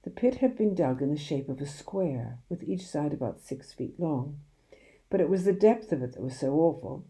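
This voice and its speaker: A woman reading a children's novel aloud in a slow, hushed storytelling manner. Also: deep voice, lively intonation. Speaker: children's book reader.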